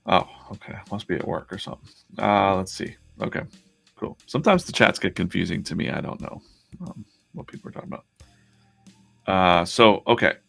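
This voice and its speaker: A man's voice: sits low, fairly quick, vocal fry, a bit bright, faint music behind. A man hosting a casual live stream as a comic artist, chatting in a rambling way with many restarts.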